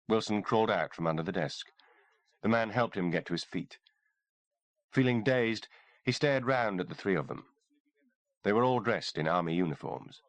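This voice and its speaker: Casting: male horror audiobook narrator, low voice, animated delivery, dry close mic. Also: normal speed, no room sound. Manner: dramatic, expressive reading.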